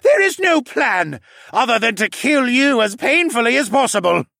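A man's voice: extremely high pitch, big pitch swings, moderate pace, vocal fry, bright, forceful tone, dry recording, pitched above the performer's own voice, full character voice. A treacherous, reptilian councilman sneers and spits his words in a raised, strained voice, as a narrator puts him on. He bellows with manic fury. The recording is close and dry. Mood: scornful. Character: furious treacherous snake-like male councilman villain. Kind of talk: audiobook narration.

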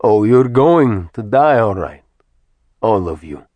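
A man's voice: fairly low pitch, sing-song, slow, a little mellow, no echo, exaggerated voice. A male narrator voicing an arrogant demon lord who makes cold, gloating threats. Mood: threatening.

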